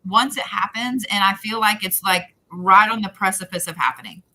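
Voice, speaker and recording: Bright-voiced woman giving chatty readings. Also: medium pitch, moderate pace, low-quality recording. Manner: rambling, repetitive, chatty. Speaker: psychic reader. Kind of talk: live-stream intuitive readings.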